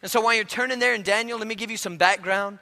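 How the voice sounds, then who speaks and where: Very high-voiced, bright male pastor preaching. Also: rapid-fire, gravelly, big-room sound. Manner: conversational storytelling with frequent word repeats. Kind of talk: sermon.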